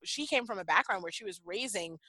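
A middle-aged woman, a guest in an interview, talking casually in an animated, self-deprecating way with many fillers. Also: mid-range voice, brisk, no echo, rough recording.

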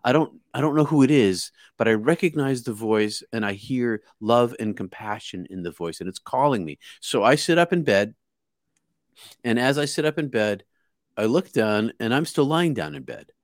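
A man's voice: mid-range voice, animated, normal speed, dry recording, clean studio sound. A man from outside Boston tells a personal story in an earnest, vivid way, restarting and repeating words as he goes. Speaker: guest. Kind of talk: casual spoken storytelling.

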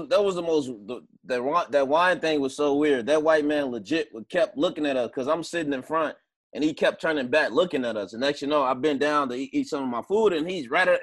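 A man co-hosting a podcast, telling a trip story in a halting, repetitive, casual way. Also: on the high side, a bit bright, dry recording. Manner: halting, repeats words while telling a story. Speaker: podcast co-host.

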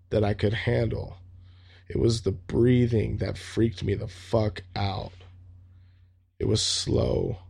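Gravelly man reading a story aloud. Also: medium pitch, mellow. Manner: swears freely in offhand asides. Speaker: story reader.

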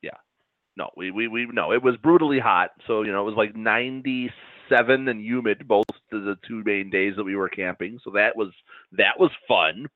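A man's voice: on the low side, moderate pace, no room sound. A man from central Wisconsin co-hosting a podcast, chatting casually with dry, wry jokes. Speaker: podcast co-host. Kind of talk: casual chat. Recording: tinny phone-like sound, dry.

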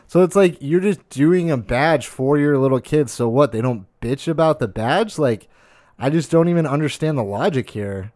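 A man's voice: on the high side, expressive, moderate pace, darkish tone, no echo. A young man streaming from home, ranting in a casual, exasperated and profane way with lots of fillers, close to his desk mic.

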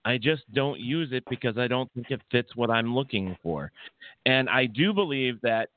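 Talk-show host, man, animated and joking, dry tinny sound. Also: mid-range voice, normal speed, no echo. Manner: teasing, emphatic, playful. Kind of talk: casual chat. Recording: tinny lo-fi line.

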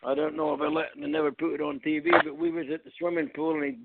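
Gravelly older man on a phone line. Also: extremely high pitch, very animated, fast talker, very noisy. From Scotland. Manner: folksy, blunt, dry humor. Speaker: guest, veteran wrestler. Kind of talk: casual storytelling on radio.

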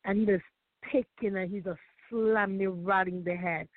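A woman's voice: medium pitch, steady tone, no echo. Woman telling her story over a phone line. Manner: halting, repeats phrases. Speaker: guest sharing her story. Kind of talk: emotional personal testimony. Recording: tinny phone line, faint music.

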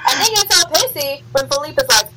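A woman's voice: sits high, lively intonation, fast talker, a loud crowd, rough recording. A woman co-hosting a casual film-recap chat, blunt and sassy, swearing freely. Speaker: podcast co-host.

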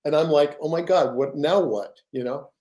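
A man's voice: fairly high pitch, normal speed, warm tone. An older man, a guest author, telling stories in a rambling, casual way with repeated words and laughs. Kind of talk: casual storytelling.

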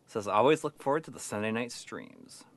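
A man's voice: lowish voice, fairly quick. A man co-hosting a casual game stream, chatting and reading out donations, laughing often. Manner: animated, laughs often, drifts quiet then loud. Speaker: co-host of a retro gaming stream. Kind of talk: casual chat.

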